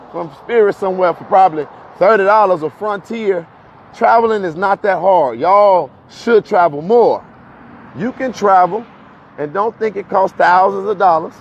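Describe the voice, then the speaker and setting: Heading uphill outdoors, a livestream host with a fairly high voice chats to his viewers, slightly out of breath. He's animated, often repeats words and laughs between his points. The audio, from a phone, is dull and lo-fi with faint street noise in the background.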